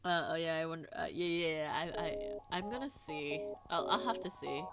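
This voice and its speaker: A woman's voice: lowish voice, normal speed, loud music behind the voice. A woman streamer in casual chat with her audience, bubbly and giggly, teasing herself in a playful way.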